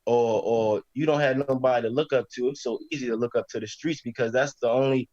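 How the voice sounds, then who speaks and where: A man's voice: medium pitch, steady tone, a little fast, a little mellow, no echo, lo-fi sound. A young man in casual chat, hesitant and searching for words.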